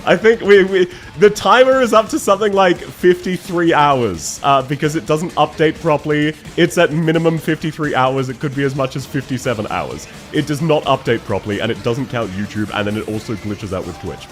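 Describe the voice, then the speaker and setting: Over soft background music, a young Australian live-streamer talks a little fast with a high-ish voice and barely pauses. Emotional, he laughs between words and keeps thanking his viewers in casual chat.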